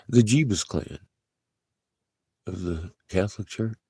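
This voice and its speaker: A man's voice: fairly low pitch, drawn-out words, gravelly, warm tone, slightly rough, no echo. A man ranting profanely to his viewers in a rambling monologue, laughing between lines. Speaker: livestreamer.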